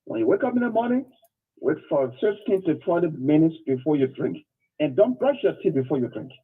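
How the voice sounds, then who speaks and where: Guy calling in with health tips, husky voice on a tinny phone line, keeps repeating himself. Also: on the high side, sing-song, brisk. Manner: repetitive, emphatic, step-by-step advice. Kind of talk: instructive health talk.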